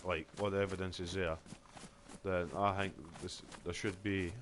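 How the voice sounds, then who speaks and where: A man's voice: sits low, little pitch movement, moderate pace, fairly bright tone, a little hiss or hum. A Scottish man streaming a game, chatting casually in a rambling, sweary way full of fillers. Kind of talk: casual chat while gaming.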